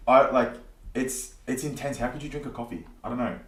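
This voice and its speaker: A young Australian man hosts a laid-back podcast chat, telling animated stories with plenty of swearing and laughter. His voice sits at an ordinary middle pitch. It is recorded in a roomy space with a noticeable echo. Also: a little fast, far from the mic. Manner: animated storytelling, swears freely, laughs often. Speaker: podcast host. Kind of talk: casual chat.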